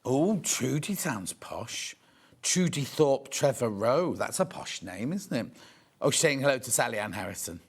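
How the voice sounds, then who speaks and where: A man's voice: medium pitch, sing-song, measured pace, breathy edge. A man in his sixties presenting a live shopping show, chatting and bantering with viewers while he shows products. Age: 60s.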